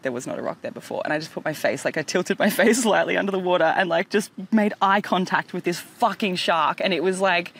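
A woman hosting a podcast outdoors by the water, telling an animated story, swearing and acting out voices. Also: lowish voice, fairly quick, few pauses, slightly rough. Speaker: podcast host. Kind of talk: casual storytelling chat.

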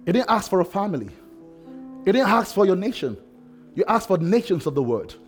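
A male pastor delivers an impassioned sermon in a notably high voice. He swings from shouted cries to hushed, quiet lines. Soft music plays faintly under him. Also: big pitch swings, fairly quick.

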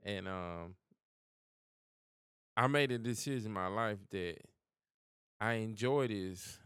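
A man's voice: lowish voice, slow, a bit bright, smooth, dry recording, studio quality. A man co-hosting a podcast, talking in an easygoing casual chat and swearing freely. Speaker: podcast co-host.

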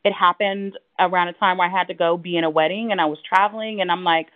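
A woman co-hosting a casual chat, telling animated stories and acting out quotes in high voices. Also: quick pace, no room sound. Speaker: podcast co-host. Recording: tinny phone-like remote line.

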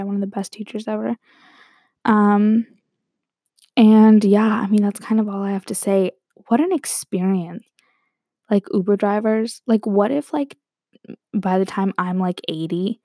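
A woman's voice: mid-range voice, fairly even intonation, a little slow, pauses often, warm tone, no echo, clean studio sound. A young woman hosting her own podcast, rambling casually with lots of "like" and "um". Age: young adult. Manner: chatty and rambling, many likes and ums. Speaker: podcast host. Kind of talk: solo casual podcast chat.

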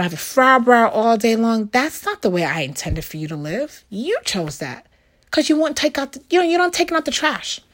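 A middle-aged woman shares a casual Christian devotional, talking in an animated, conversational way. Her voice sits a little high, and she fills her talk with "you know" and quick acted-out quotes.

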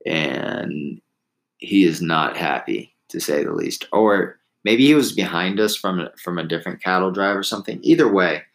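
Low-voiced man rambling through a story. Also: normal speed, vocal fry, a bit bright, poor audio. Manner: rambling, restarts, laughs at himself, acts out quotes. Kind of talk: casual storytelling.

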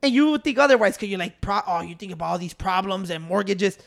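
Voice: mid-range voice, animated, fast talker, vocal fry. A speaker in their thirties rambling casually, laid-back and profane. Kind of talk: casual chat.

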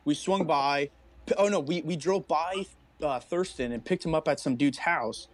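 A man's voice: on the high side, moderate pace. A young man co-hosting a casual chat podcast, telling stories with lots of swearing and acted-out quotes. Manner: animated storytelling, heavy swearing, acts out quotes. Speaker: podcast co-host.

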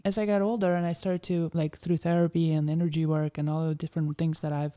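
A woman's voice: low voice, little pitch movement, quick pace, dark tone. A woman talking as an interview guest, chatty and telling stories with plenty of "like". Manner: chatty storyteller, heavy use of "like". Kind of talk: casual interview conversation.

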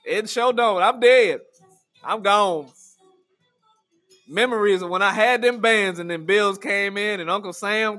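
A man hosting a casual comedic chat, telling animated stories and laughing often. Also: sits high.

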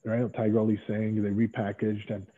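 A middle-aged man telling stories as an interview guest, animated and acting out other people's lines. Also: lowish voice, brisk. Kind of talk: casual storytelling interview. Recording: tinny phone-like line.

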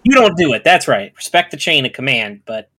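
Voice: medium pitch, sing-song, fairly quick, pushed and bright. Laid-back joking tabletop player. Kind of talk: casual chat at a game table.

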